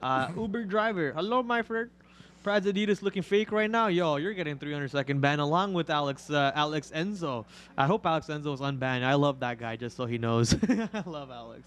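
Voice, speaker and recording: A joking, bantering man co-hosting a live trading show, chatting casually about the market. His voice sits a bit higher than most men's. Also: a bit bright, clear, resonant tone. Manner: joking, bantering, quick asides. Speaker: trading stream co-host.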